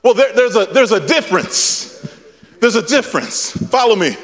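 Young pastor guy preaching, high voice jumping all over, big echoey church. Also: moderate pace. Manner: animated preaching with shouted peaks and repetition. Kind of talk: sermon.

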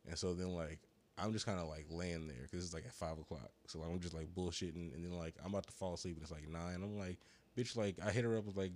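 A man telling a long, profane story in casual podcast chat, rambling, full of slang and sounding high. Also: fairly even intonation, fast talker, a little mellow. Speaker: podcast co-host.

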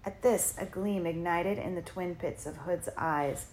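A woman narrating a dark fantasy audiobook in a measured, dramatic storytelling manner. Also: on the low side. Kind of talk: scripted narration.

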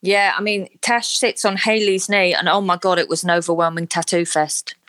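A podcast co-host with a lowish, steady, slightly bright voice talks at normal speed, giving casual, opinionated and self-deprecating takes on a reality show. She isn't from Australia, and the recording is dry.

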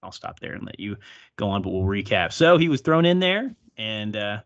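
Low-voiced man co-hosting a faith podcast. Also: sing-song. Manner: joking, reads scripture aloud with drawn-out pauses. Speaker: podcast co-host. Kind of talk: casual chat and Bible reading. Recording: dull lo-fi podcast sound.

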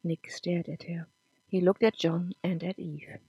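A woman narrating a serialized story podcast in a measured, emphatic reading. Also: fairly low pitch, level tone, dark tone, husky, dry recording. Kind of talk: scripted audiobook narration.

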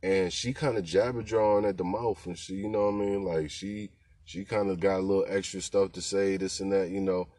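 A man with a low, deep voice spins a casual story in relaxed street slang. He keeps turning to the listener for agreement, and his voice sounds dry and close, with no room echo. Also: fairly quick. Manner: laid-back slangy talk, keeps asking "you know what I'm saying". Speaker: podcast host telling rideshare stories.

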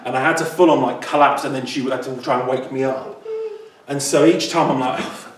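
A man co-hosting a casual chat about theatre auditions, self-deprecating and quick to laugh. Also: mid-range voice, steady tone. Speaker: podcast co-host, theatre performer. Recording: echoey room, far from mic.

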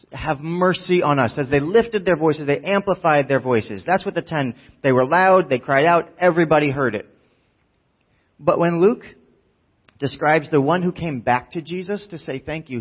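Male pastor delivering a sermon, slightly high husky voice, muffled lo-fi recording. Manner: animated, acts out voices, drops to quiet emphasis.

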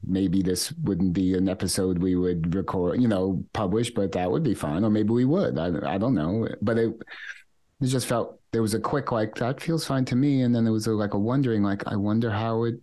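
A man with a very low, deep voice, speaking as a podcast co-host. He talks gently and slowly, staying open and contemplative, and lets his thoughts unfold softly in an intimate conversation. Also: no room sound. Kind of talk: casual reflective conversation.

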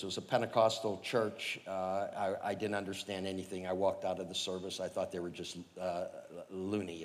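A man preaching and telling his own conversion story, animated and chuckling, with lots of fillers. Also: low voice, big-room sound. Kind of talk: personal testimony storytelling.

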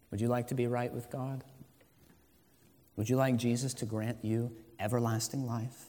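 A male pastor delivers a sermon in a church sanctuary, his voice carrying a long reverb through the hall. He slows to quiet, deliberate emphasis and then climbs into loud, urgent exhortation. His pitch sits in an ordinary middle range for a man. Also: fairly even intonation.

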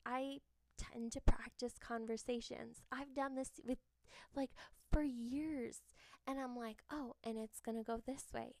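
A young woman hosting a podcast, telling stories in a candid, lively way, laughing often and swearing freely. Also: fairly high pitch, creaky, dry recording, studio quality. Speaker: podcast host. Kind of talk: casual confessional chat.

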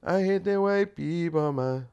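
A man's voice: fairly high pitch, unhurried, darkish tone, smooth, lo-fi sound, voice pushed up. A man voicing a grumbling Jamaican man in a put-on Jamaican accent, singsong and drawn out, with a tag ending every line.

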